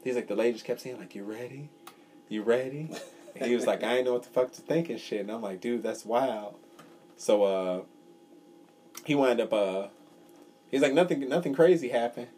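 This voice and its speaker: A young man with a warm, mid-range voice co-hosts a podcast, talking a little fast over slight background noise. In casual chat he tells rambling stories and swears freely.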